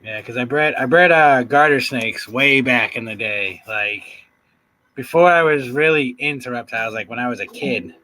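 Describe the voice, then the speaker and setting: A man's voice: mid-range voice, moderate pace, sharp tone, low-quality recording. A man hosting a casual livestream chat, laid-back and chuckling often as he greets viewers. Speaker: livestream host.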